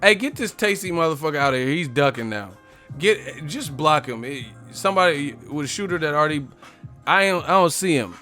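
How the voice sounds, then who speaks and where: A man's voice: fairly high pitch, animated, a little fast, pushed and bright, soft background music. A man hosting a casual live stream, reading chat messages and mocking viewers, profane and laughing often. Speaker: boxing live stream host.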